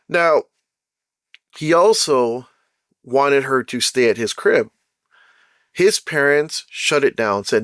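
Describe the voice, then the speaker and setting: A man's voice: mid-range voice, takes it slowly, long pauses, no echo, studio quality. A man hosting his own show, telling a personal story in a casual, slangy way and checking in with the listener often. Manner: slangy and animated, keeps saying "bro" and "right?".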